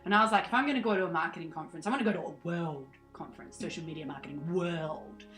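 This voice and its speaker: A woman's voice: lowish voice, rapid-fire, fairly bright tone, reverberant, soft background music, rough recording. An Australian woman in her thirties, a podcast guest chatting animatedly, laughing often and acting out her past self. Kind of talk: casual interview chat.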